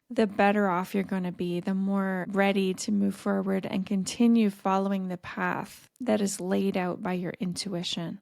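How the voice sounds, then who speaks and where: Gravelly, earnest woman podcast host. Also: mid-range voice, dry recording, clean studio sound. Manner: gentle, earnest, encouraging. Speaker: dating coach and podcast host. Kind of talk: solo podcast talk.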